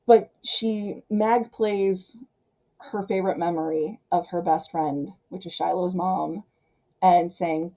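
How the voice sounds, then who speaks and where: A woman reviewing a film in a chatty, animated way, full of fillers like "um" and "like.". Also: fairly low pitch, slow pace, poor audio.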